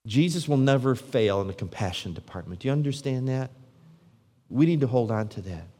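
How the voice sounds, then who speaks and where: A man, a pastor, preaching a sermon full of rhetorical questions, his voice swinging from loud and emphatic to hushed and low. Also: animated, brisk. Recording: long reverb of a large hall.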